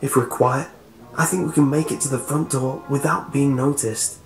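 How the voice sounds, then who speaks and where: A man voicing a bold teenage boy, speaking in a hushed, urgent way. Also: mid-range voice, fairly even intonation, normal speed, echoey room, pitched above the performer's own voice, lightly acted. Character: bold teenage boy sneaking through a school.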